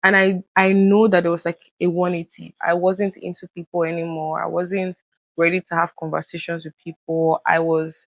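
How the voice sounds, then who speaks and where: Here a woman guest with a lowish voice opens up earnestly in a candid personal conversation, frequently acting out earlier conversations in lively voices. She keeps a moderate pace, and the audio has no echo.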